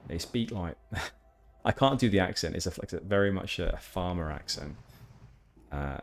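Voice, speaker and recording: Deep-voiced chatty man streaming a game. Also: expressive, normal speed, vocal fry, slight background noise. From Hampshire, England. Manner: rambling, chatty, many fillers and restarts. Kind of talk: casual gameplay chat with viewers.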